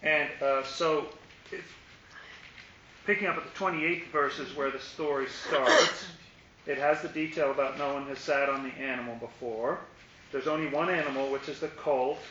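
A man's voice: mid-range voice, normal speed. A man teaching a Bible study, asking questions and acting out the lines of the crowd. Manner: animated, asks questions, acts out the crowd's lines. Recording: echoey, muffled room recording with faint hiss.

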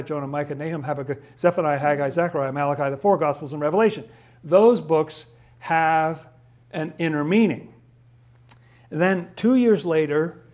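A man's voice: on the high side, darkish tone. A man giving a spoken lecture on scripture in a conversational way, reading quotations aloud and adding wry asides.

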